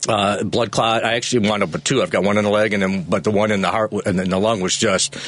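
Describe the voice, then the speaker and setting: A man's voice: on the low side, fairly even intonation, quick pace, a bit bright. A man, a radio show producer, telling a rambling on-air story with chuckles. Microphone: studio microphone.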